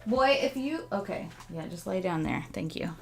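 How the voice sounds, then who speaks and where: A young woman chatting casually while she draws on a livestream, musing softly and now and then gushing thanks to viewers. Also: lowish voice, gravelly, faint music behind. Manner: soft, musing and slow, bursting into excited gushing thanks. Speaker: artist streaming a drawing session.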